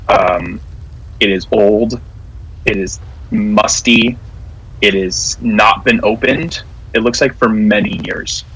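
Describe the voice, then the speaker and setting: A man narrating as game master of a tabletop game, describing scenes in a halting way with many fillers. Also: fairly low pitch, fairly bright tone, a little hiss or hum, low-quality recording.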